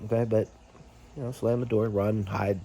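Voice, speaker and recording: A man's voice: on the low side, flat delivery, vocal fry, dark tone, breathy edge. Heated middle-aged man venting on a vlog. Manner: agitated, swearing, halting with many fillers. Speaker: YouTube host. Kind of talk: candid personal vlog rant.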